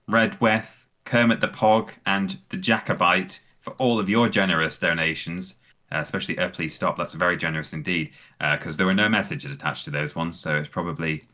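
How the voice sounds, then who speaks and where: A hesitant man chatting on a stream, stopping and restarting his thoughts. His voice sits very low, with a bright, forceful edge. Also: fairly even intonation, moderate pace. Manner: hesitant, full of ums and trailing restarts. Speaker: co-host of a charity stream. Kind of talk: casual chat.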